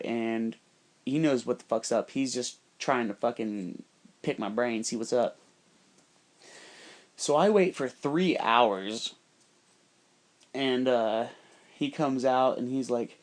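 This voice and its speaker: A man's voice: mid-range voice, slow pace, long pauses. A man telling a rambling, heavily profane story in a casual, conspiratorial monologue.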